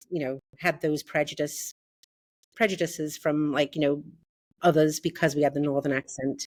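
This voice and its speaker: A woman's voice: low-pitched, darkish tone, no echo. A woman in her sixties with a Liverpool accent, chatting as a podcast guest, full of fillers like "you know". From Liverpool, England. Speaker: podcast guest, interior designer. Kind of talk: casual interview chat.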